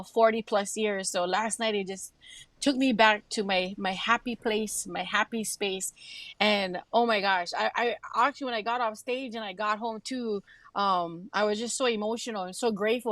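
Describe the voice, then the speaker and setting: A woman's voice: mid-range voice, a bit bright, no echo. Effusive Hawaiian woman, dry sound. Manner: effusive, heartfelt, storytelling. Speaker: guest, radio host and emcee. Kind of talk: livestream interview.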